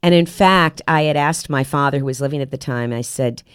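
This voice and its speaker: Middle-aged actress, deep voice, dry close sound, rambling chatty guest. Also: female voice, clear, resonant tone, no room sound. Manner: chatty, halting, many restarts. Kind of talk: casual podcast interview.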